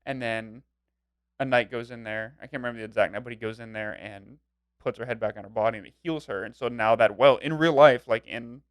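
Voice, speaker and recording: A man's voice: mid-range voice, brisk, dry recording, studio quality. A young man co-hosting a movie review podcast in casual chat, telling scenes with little acted-out quotes. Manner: animated storyteller, acts out scenes in quoted voices. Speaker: podcast co-host.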